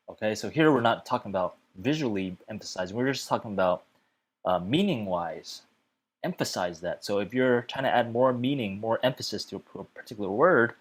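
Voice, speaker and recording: A man teaching a web development lesson in a casual, chatty way, often filling pauses with "okay" and "uh". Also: on the low side. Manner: chatty, fills gaps with okay and uh.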